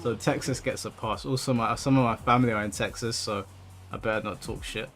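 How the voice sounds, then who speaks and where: A man's voice: mid-range voice, fairly even intonation, fairly quick, a bit bright. A British man hosting an online gaming tournament stream, chatting casually and reading out viewer comments before answering them. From United Kingdom. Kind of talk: casual live-stream chat. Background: music.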